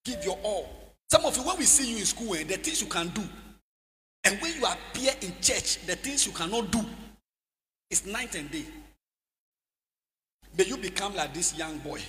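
A man preaching a sermon in a church hall, leading call-and-response and slipping into sing-song shouts. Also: high-pitched, big pitch swings, moderate pace, long pauses.

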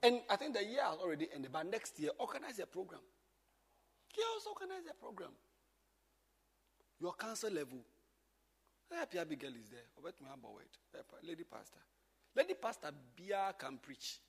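A man, a pastor teaching a church group informally, swinging from loud exclamations to quiet asides. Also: high-pitched, very animated, moderate pace, vocal fry, pauses often, breathy edge, big-room sound.

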